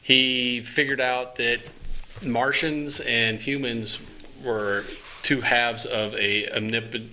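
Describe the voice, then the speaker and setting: A man co-hosting a relaxed podcast, running through entertainment news with wry jokes. His voice is mid-pitched and very bright, with a crisp forward edge. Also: slow pace, slight background noise. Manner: joking, explains news with small laughs. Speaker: podcast co-host. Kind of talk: casual chat.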